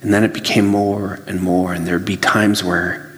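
A man's voice: sits low, normal speed. Preacher man in a big reverberant hall. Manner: animated storytelling, acts out his own flustered inner voice. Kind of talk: sermon. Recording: long reverb of a large hall.

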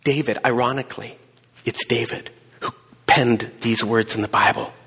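A middle-aged man preaching a sermon, telling a personal story with emphatic swings between hushed and raised delivery. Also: mid-range voice, fairly even intonation, moderate pace, husky. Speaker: pastor. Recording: long hall reverb.

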